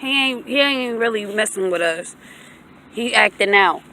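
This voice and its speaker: A woman's voice: mid-range voice, lively intonation, measured pace, sharp tone, slight background noise. A young woman, filming a casual vlog outdoors in a field, talking in sing-song baby talk to her dog. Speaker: vlogger.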